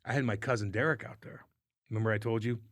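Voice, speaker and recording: A man co-hosting a podcast, telling stories in casual chat, swearing a lot and acting out what people said with loud bursts. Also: fairly low pitch, fast talker, no echo, clean studio sound. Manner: animated storyteller, acts out quotes loudly, swears often. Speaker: podcast co-host.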